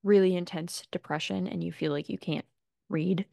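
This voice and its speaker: A woman's voice: fairly low pitch, fairly even intonation, moderate pace, gravelly, dark tone, no echo, studio quality. A woman co-hosting a casual book podcast, mostly chiming in with short agreements. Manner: brief agreeing interjections. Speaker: podcast co-host.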